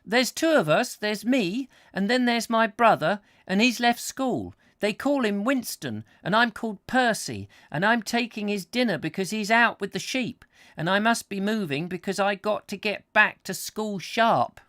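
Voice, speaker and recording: A man reading aloud and voicing a young country boy who gives rambling directions in a very high voice. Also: animated, measured pace, few pauses, fairly bright tone, no room sound, clean studio sound. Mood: eager rambling. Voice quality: very high, breathless run-on chatter.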